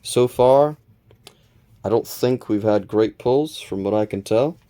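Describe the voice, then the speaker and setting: Male host, low voice, relaxed unboxing chatter, counts and names each card. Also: slow. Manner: relaxed, reads card names aloud, counts cards, mild self-corrections. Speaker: channel host opening card packs. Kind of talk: casual unboxing commentary.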